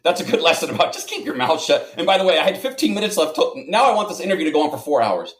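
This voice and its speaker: Man, casual storyteller, rapid talk, stumbles over first words, echoey room. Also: fairly high pitch. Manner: quick, animated, repeats words when starting sentences. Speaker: podcast guest, radio and esports producer.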